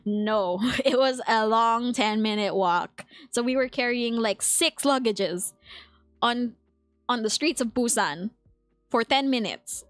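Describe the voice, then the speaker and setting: A woman's voice: a little high, takes it slowly, fairly bright tone, no echo, faint music behind. A young woman with a Filipino accent, chatting casually as a streamer, laughing often and reading chat aloud. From Philippines. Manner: reads chat aloud and answers it.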